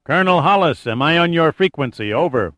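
Man voicing a jaunty sea captain, wisecracking, raised pitch, breezy radio talk. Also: expressive, a little fast, fairly bright tone, no room sound.

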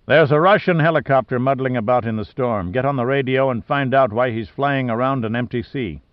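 A man doing a gruff roaring old sea captain. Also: medium pitch, fairly quick, no room sound, dull audio, close to an everyday voice. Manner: roaring, growling, curt. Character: gruff bearded male naval captain, blustery.

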